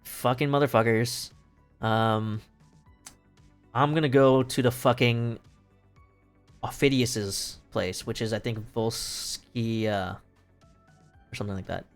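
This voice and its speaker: A man's voice: fairly low pitch, steady tone, slow, pauses often, smooth. Young male streamer, rambling and profane, casual retelling with faint music behind. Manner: rambling, swearing, laughing asides, many fillers.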